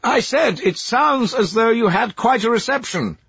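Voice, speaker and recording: A man's voice: extremely high pitch, expressive, normal speed, vocal fry, fairly bright tone, slightly rough, no echo, voice pushed up, exaggerated voice. A man voicing an impatient senior male official who gives orders down a phone line. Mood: brusque. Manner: commanding and impatient.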